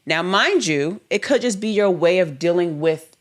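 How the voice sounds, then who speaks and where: A young woman with a notably low voice talks frankly with her husband on a podcast. She's earnest and explains herself patiently. Now and then she acts out snatches of remembered dialogue. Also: animated, normal speed. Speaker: podcast co-host. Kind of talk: candid couple's conversation.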